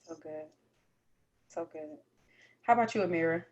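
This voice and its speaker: A woman's voice: low-pitched, normal speed, a little mellow, highs cut off. A woman hosting a podcast who asks questions in a casual, encouraging way and often affirms her guests. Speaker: podcast host. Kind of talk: casual conversational interview.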